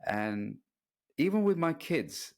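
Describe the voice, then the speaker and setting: A man's voice: on the high side, sing-song, slow pace, a little mellow. A middle-aged man hosting a podcast, chatting casually about dating and acting out quoted voices with animation. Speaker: podcast host and dating coach.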